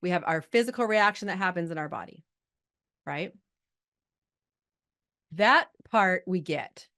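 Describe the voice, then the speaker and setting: A middle-aged woman coaching a group over a video call, chatty and lively, holding back tears at times. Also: on the low side, unhurried. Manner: chatty, lively, talks to the chat audience. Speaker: life coach hosting a live group call. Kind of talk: casual coaching talk.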